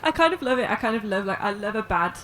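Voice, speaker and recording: A woman's voice: mid-range voice, animated, fast, a crowd in the background, poor audio. A young English woman hosting a podcast, chatting with enthusiasm and laughing easily. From England. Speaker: podcast host. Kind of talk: casual chat.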